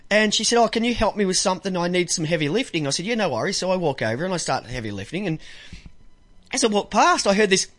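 A man's voice: sits high, fairly bright tone. A man with an Australian accent hosting a radio show, bantering casually, joking and laughing often as he tells stories. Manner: joking, laughs often, acts out voices in anecdotes.

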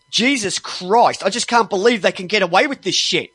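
High-voiced man ranting, dry sound. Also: moderate pace, hardly any pauses, fairly bright tone, breathy edge, no echo. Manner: heavily profane, exasperated; restarts and stumbles when worked up. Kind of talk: angry ranting monologue.

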